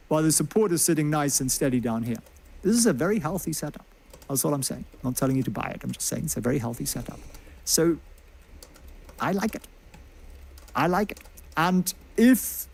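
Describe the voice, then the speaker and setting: A man giving chatty, joking stock market commentary and asking his viewers questions. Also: fairly high pitch. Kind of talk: livestreamed stock chart commentary.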